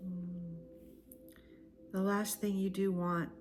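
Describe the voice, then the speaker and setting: A woman reads oracle cards for a collective audience, speaking at a very unhurried pace and leaning on repeated, emphatic phrases. Her voice sits a little low and often drops into a soft, breathy near-whisper, with quiet music playing underneath. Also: little pitch movement. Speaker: spiritual oracle card reader. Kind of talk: channeled collective oracle card reading.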